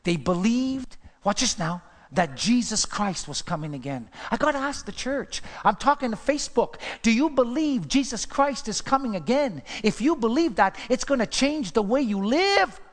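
A man preaching a sermon as pastor, passionate, swinging from loud calls down to hushed whispers. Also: very high-pitched, animated, moderate pace, hardly any pauses, big-room sound. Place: church.

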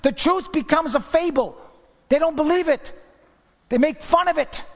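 A man preaching a sermon as pastor, emphatic, firing rhetorical questions and dropping from loud declarations to hushed asides. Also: very high voice, normal speed, vocal fry. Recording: long hall reverb.

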